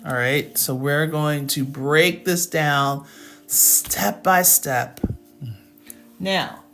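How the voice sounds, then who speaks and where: A woman's voice: low-pitched, steady tone, drawn-out words, a bit bright, soft background music. Chatty laughing woman math tutor. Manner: chatty, laughs often, talks to viewers. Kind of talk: casual livestream lesson.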